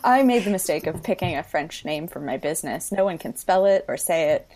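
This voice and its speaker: A woman's voice: sits low, animated, fairly quick, darkish tone. A woman wedding planner appearing as a podcast guest, chatting casually, laughing often and poking fun at herself. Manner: giggly, self-deprecating. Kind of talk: casual chat.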